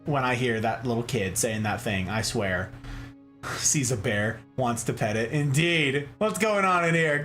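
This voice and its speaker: A goofy, slangy man chats through a plant livestream, his voice pitched a bit high and swooping all over the place. He keeps sliding into silly catchphrases, with faint music playing behind him. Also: big pitch swings, moderate pace, pushed and bright. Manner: slangy, lots of "like" fillers. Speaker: streamer hosting a plant stream. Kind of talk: casual livestream chat.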